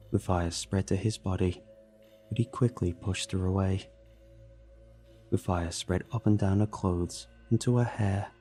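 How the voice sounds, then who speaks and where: A man narrating a horror story in a steady, dramatic scripted reading. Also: lowish voice, husky.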